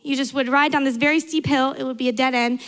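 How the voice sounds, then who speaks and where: Earnest high-voiced young woman preaching. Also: steady tone, fast, a bit bright. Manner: earnest, emphatic repetition. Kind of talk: sermon.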